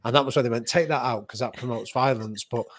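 A man speaking as a podcast guest, telling a story and playing out each quoted voice. His voice sits at a middle pitch, and the sound is dry and close, with no room around it. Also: fairly even intonation, fast talker, no echo. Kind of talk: storytelling in conversation.

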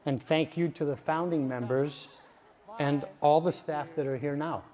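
A man with a slightly high, steady, mellow voice speaks a little slowly as he presents awards at a gala. His speech is heartfelt and at moments chokes with emotion. He's on stage in a large banquet hall that echoes with long reverb, with music and crowd noise around him.

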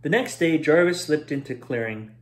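Animated man reading a bedtime story. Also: on the high side. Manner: expressive, drawn-out read-aloud.

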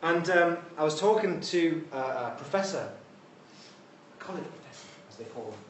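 A man's voice: on the high side, lively intonation, moderate pace, a little hiss or hum. A man giving an informal university lecture with wry, conversational asides. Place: lecture hall. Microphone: distant room mic. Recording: echoey hall from far off.

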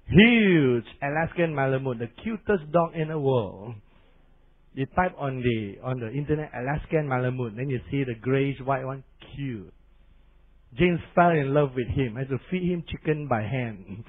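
A middle-aged man preaching with lively, animated delivery, his voice sitting fairly high. The recording is thin and phone-like, with a narrow, lo-fi sound. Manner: animated preaching with barking imitations. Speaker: pastor. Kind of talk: sermon.

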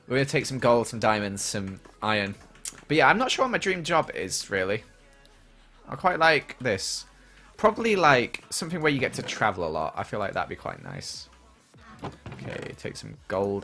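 A man's voice: on the low side, creaky, bright, forceful tone. A young man chatting casually on a gaming livestream and answering viewer questions as he plays.

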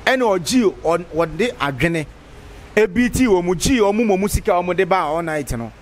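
A man's voice: high voice, lively intonation, moderate pace. A man in a street interview, talking conversationally with frequent restarts.

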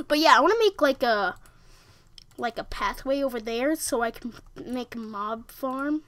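Young woman, high bright voice, unhurried rambling game commentary with lots of fillers. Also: lively intonation, no room sound. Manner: rambling, halting with fillers and restarts. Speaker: gamer. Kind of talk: casual gameplay commentary.

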